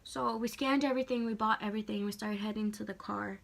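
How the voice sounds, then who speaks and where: Teen girl vlogging a story time, gravelly fry, talks fast and says like a lot, really emotional. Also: medium pitch. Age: late teens. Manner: chatty, heavy use of "like"; emotional, animated retelling.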